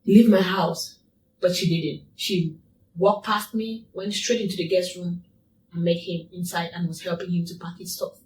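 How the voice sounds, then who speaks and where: A woman's voice: on the low side, fairly even intonation, moderate pace, darkish tone, a little hiss or hum. Woman retelling her story, echoey and distant. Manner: repetitive, emphatic retelling. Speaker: interview guest. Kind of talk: personal story in an interview. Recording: echoey room, distant mic.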